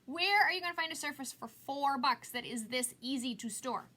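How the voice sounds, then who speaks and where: A woman's voice: high voice, expressive, brisk, heavy background noise. A middle-aged woman hosting a casual live craft demo, chatty and self-mocking, laughing at herself often.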